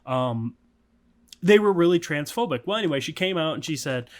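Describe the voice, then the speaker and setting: A man's voice: a little high, animated, normal speed. A man co-hosting a podcast in loose, casual chat. He rambles through the story with plenty of swearing and filler words, and laughs along the way. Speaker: podcast co-host.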